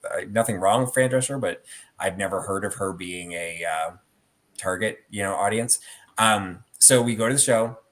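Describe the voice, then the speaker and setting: A middle-aged man with a fairly low voice hosts a relaxed talk. He rambles through anecdotes, sprinkling in "um" and "you know" as he goes. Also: normal speed. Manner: rambling storyteller with many fillers. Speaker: host. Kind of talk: casual chat about theatre collectibles.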